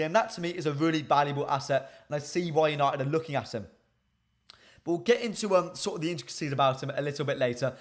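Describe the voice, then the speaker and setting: A man presenting a football live stream, chatting casually, reading viewer comments and repeating key phrases for emphasis. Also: on the high side.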